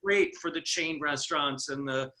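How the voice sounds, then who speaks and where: A man's voice: on the high side, moderate pace, pushed and bright. A middle-aged man from California hosting a casual conversation, chatty and full of fillers. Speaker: host.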